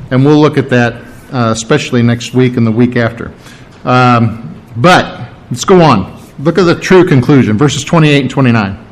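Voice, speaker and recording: Animated preacher man, slightly high voice. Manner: animated, rhetorical questions, acts out quoted voices. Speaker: pastor. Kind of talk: sermon.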